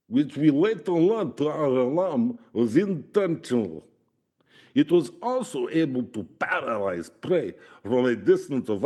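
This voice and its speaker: A man voicing a grave male Russian scientist with a put-on Russian accent, telling his account slowly and solemnly. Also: medium pitch, dark tone, breathy edge, pitched above the performer's own voice.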